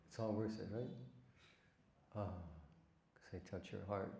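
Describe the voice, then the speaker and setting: Male spiritual teacher, mellow and dark-toned, rhetorical, recites verses. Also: fairly low pitch, flat delivery, unhurried, gravelly. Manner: asks the audience rhetorical questions and recites verses. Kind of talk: devotional lecture. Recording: echoey room.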